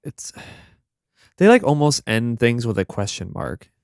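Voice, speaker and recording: A young man co-hosting a podcast, chatting casually with halting restarts and swearing. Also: medium pitch, very animated, creaky, smooth, no echo, studio quality. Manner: rambling, profane, halting restarts. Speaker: podcast co-host. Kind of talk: casual chat.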